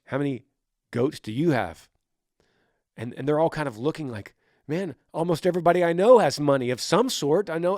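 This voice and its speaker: A man's voice: medium pitch, no echo. Earnest man, dry close studio sound. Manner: earnest, animated, acts out quoted voices; frequent restarts and repeated words. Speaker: podcast host. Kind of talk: casual faith podcast, answering a listener.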